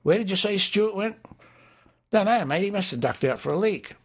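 Loud, bantering Australian pub drinkers trade jibes over whose round it is, as a narrator puts them on. The voices are pitched well above his own and pushed out with extra force, full of broad slang. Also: lively intonation, fairly quick, breathy edge, exaggerated voice. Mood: rowdy banter. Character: rowdy Australian pub drinkers, working men.

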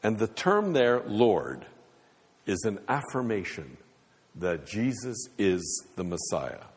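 A man's voice: lowish voice, sing-song, slow. A man preaching a sermon as pastor, with rising and falling emphasis. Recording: long hall reverb.

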